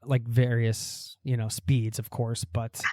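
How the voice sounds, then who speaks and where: Playful slow-talking male host. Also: medium pitch, dry recording, studio quality. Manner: playful, jokey, slow and lively. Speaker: podcast host. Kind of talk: casual interview chat.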